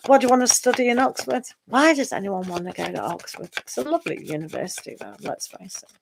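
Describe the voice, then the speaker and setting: A woman's voice: on the high side, sing-song, vocal fry, a bit bright, slight background noise. A middle-aged woman with a British accent, a tarot reader chatting casually with her live-stream viewers, sighing and laughing as she talks. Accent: British English. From England. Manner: chatty, sighing and laughing, drawn-out slow talk.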